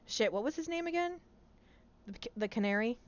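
A young woman playing in a casual tabletop game, giggly and quick to joke. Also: on the high side, animated. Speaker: player and co-host. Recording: dull lo-fi audio.

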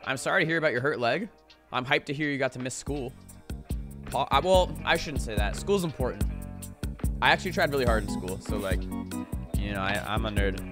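A young man in his twenties rambling casually to his live-stream chat, animated and full of "like" and swearing. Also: mid-range voice, a little fast, long pauses, music in the background.

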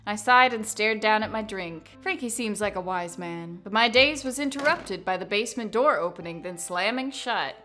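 A woman reading a story aloud over gameplay, with playful asides and musing out loud. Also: medium pitch, moderate pace, few pauses. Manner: playful, laughs at herself, muses aloud. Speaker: game storyteller.

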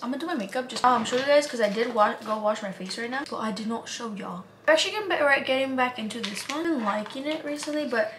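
A woman's voice: a little high, lively intonation, fast talker, hardly any pauses, echoey room. A young woman talking casually to her camera in a vlog, chatty and swearing now and then, slipping Spanish words into her English. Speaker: vlogger. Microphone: handheld camera. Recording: camera mic with clear background noise.

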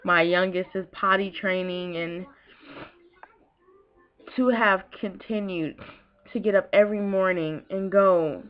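A woman's voice: mid-range voice, fairly even intonation, takes it slowly, pauses often. A young woman vlogging casually, talking emotionally in a rambling way with restarts. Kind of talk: casual vlog talk. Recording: dull lo-fi home video.

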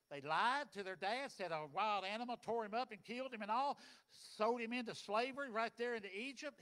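A man preaching a sermon, folksy and dynamic, swinging between loud and soft. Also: sits high. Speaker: pastor.

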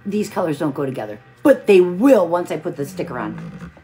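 A woman's voice: lowish voice, very animated, moderate pace, warm tone, faint music behind. A tired woman hosting a live stream, chatting casually while she crafts and greeting viewers by name with pet names.

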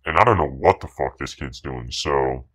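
A man's voice: extremely low pitch, normal speed, a bit bright. A man commentating his own video game match, boastful and profane, sneering at the other players with repeated catchphrases. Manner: boastful, profane, contemptuous trash talk; repetitive catchphrases. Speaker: gaming commentator. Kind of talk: gameplay commentary.

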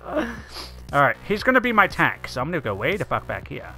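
Giggly, animated gameplay commentator. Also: male voice, fairly high pitch, a little fast. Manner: giggly, silly and loud, laughing often. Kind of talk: let's play commentary. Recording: voice over game music.

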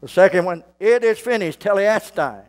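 A male pastor, preaching a sermon slowly and building to fervent shouts. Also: high voice, expressive.

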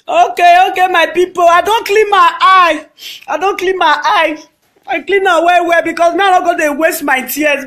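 Woman, Nigerian Pidgin English accent, middle-aged, gossip rant, theatrical, mocking, high voice. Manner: theatrical, mocking, swings between shouting and muttering. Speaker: social media commentator.

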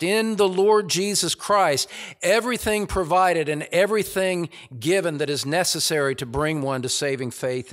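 An American man preaching a sermon at a measured, unhurried pace. His voice sits a bit high, and he leans into key phrases with emphatic force, building intensity as he goes. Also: a bit bright. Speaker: pastor.

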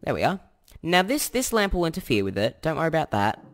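A man's voice: a little high, very animated, quick pace, a bit bright, faint music behind. Chatty young Australian man. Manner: chatty and self-correcting, thinks aloud while typing. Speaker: tutorial host. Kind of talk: casual screen-recorded coding tutorial.

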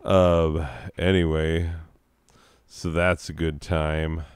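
Slow, deep-voiced stoned man rambling. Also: level tone, clear, resonant tone, dry recording. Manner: crude, rambling, joking. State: high on drugs. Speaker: let's play host. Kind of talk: rambling gameplay commentary. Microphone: own desk microphone.

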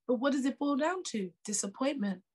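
A woman's voice: sits high, lively intonation, a little fast, darkish tone, husky. A woman with a British accent delivering a sermon in an emphatic, conversational voice. She repeats her key lines and builds intensity, with casual asides. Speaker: preacher.

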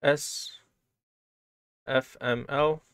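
A man's voice: mid-range voice, steady tone, very slow, a bit bright, clear, resonant tone, dry recording, clean studio sound. A man teaching programming in a casual, step-by-step way, often checking in with "right?". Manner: casual, explains step by step, keeps asking "right?". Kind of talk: screen-share coding lesson.

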